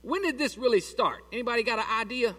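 Folksy high-voiced preacher. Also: male voice, animated, fast, bright, forceful tone, distant mic. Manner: folksy, conversational, asks the congregation questions. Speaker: pastor. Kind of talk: sermon.

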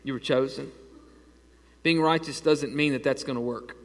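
A man in his thirties preaching a conversational sermon and telling stories with growing excitement. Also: mid-range voice, normal speed, big-room sound. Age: 30s. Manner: conversational preaching, animated storytelling. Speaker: pastor.

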